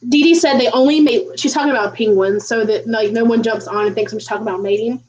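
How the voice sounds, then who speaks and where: A woman's voice: on the high side, fairly even intonation, fast talker, a little mellow, distant mic, low-quality recording. A woman hosting a home cooking livestream, chatting folksily to viewers with lots of ums. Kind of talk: casual livestream chat while cooking. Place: home kitchen.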